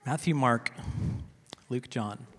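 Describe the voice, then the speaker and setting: Husky-voiced man preaching in a reverberant hall. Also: medium pitch, takes it slowly, fairly bright tone. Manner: conversational teaching, often asking "right?". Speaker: teaching pastor. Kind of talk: sermon. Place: church hall with a congregation.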